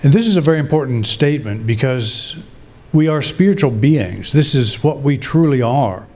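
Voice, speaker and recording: A man preaching a sermon in a calm, reflective way, thinking aloud and restarting his phrases. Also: mid-range voice, moderate pace. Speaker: minister.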